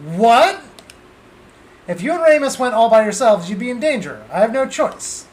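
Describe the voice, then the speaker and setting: A man's voice: extremely high pitch, very animated, moderate pace. A man reading a stubborn, caring young woman's lines in a game, firm and earnest. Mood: determined.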